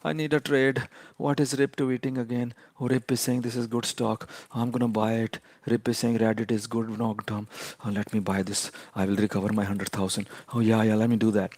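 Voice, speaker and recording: A man's voice: mid-range voice, level tone, fairly quick, a little mellow, dry recording, voice pushed down, lightly acted. A man briefly voicing a panicky male amateur trader who mutters in a whiny, flustered way about chasing his losses.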